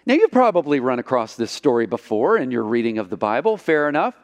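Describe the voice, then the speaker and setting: A man preaching a sermon as pastor, storytelling with lively delivery and acting out the quotes. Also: mid-range voice, fast, in a large hall. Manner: animated storytelling, acts out quotes.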